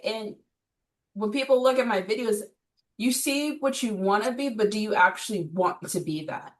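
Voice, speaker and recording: A woman's voice: fairly high pitch, normal speed, recorded from a distance. A woman personal trainer talking bluntly and with energy in a casual interview chat. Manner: blunt, energetic, laughs often.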